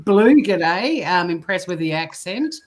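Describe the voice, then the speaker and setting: A woman's voice: lowish voice, sing-song, slow pace. An Australian woman hosting a casual comedy live stream, playful and laughing as she reads chat aloud.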